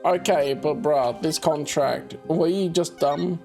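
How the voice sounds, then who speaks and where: A woman's voice: low-pitched, slow pace, few pauses, warm tone, soft background music. A woman chatting casually as she plays a game, reading its text aloud with wry remarks. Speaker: streamer playing a game. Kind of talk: casual let's-play commentary.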